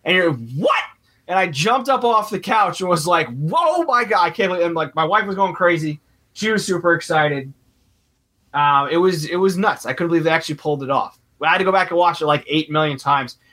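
A man with a slightly high, bright and sharp voice talks in casual podcast chat. He is animated and jumps from point to point as he goes. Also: brisk. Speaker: podcast co-host.

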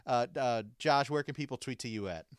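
Casting: podcast host man, smooth clear voice, dry close sound, upbeat outro patter. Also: medium pitch, a little fast, dry recording. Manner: upbeat, runs through plugs and thanks. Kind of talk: casual chat and show outro.

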